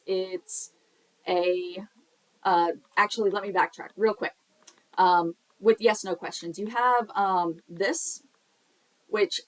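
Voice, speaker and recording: A woman's voice: mid-range voice, rough recording. A young woman teaching a sign language lesson in a casual, chatty way, explaining with examples and the occasional filler.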